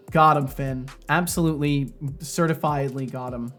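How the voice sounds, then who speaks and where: A man's voice: fairly high pitch, brisk, soft background music. Rambling, laughing man streamer. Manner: rambling, laughs often, reads chat aloud. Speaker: streamer and game developer. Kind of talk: casual live-stream chat.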